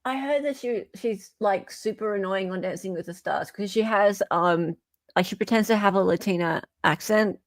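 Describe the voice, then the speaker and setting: A woman's voice: medium pitch, moderate pace, no room sound, clean studio sound. A woman hosting a podcast, chatting bluntly and mockingly about the news. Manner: blunt, mocking, laughs often. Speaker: podcast host. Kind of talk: casual commentary chat.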